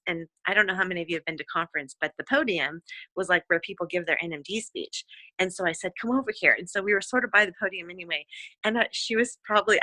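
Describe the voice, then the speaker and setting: Woman team leader, bright forceful voice, encouraging and rambling, dry close sound, conference call. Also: lowish voice, no room sound. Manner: effusive, encouraging, rambling with many fillers. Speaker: direct sales team leader. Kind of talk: motivational talk on a team call.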